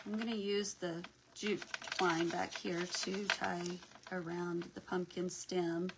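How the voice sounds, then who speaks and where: A woman's voice: lowish voice, steady tone, takes it slowly, creaky, heavy background noise. A woman hosting a casual craft livestream, chatting and greeting viewers by name as she works, sometimes dropping to a near whisper.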